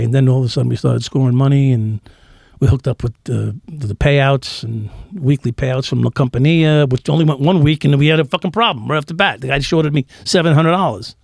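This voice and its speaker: The recording is dry and studio quality, capturing a middle-aged man with a fairly high, creaky voice. He's a former New York cop guesting on a podcast, bluntly and profanely telling stories and performing what people said.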